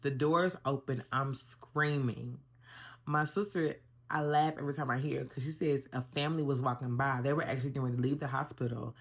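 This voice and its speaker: Young woman vlogger, low voice, animated casual storyteller talking to viewers. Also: fairly quick. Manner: animated, conversational, addresses viewers as y'all.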